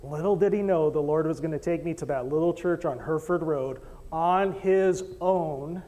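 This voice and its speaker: A man preaching a sermon as pastor, animated storyteller who acts out voices and jokes with the congregation. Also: fairly high pitch, moderate pace, big-room sound. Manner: animated storytelling, acting out quoted voices, joking with the crowd. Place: church stage in a hall.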